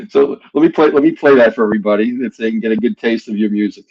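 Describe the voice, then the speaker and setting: A man's voice: lowish voice, a little mellow. A man hosting a radio interview, chiming in with short affirmations and setting up songs. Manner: brief affirmations, easygoing. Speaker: radio show host. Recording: dull lo-fi sound.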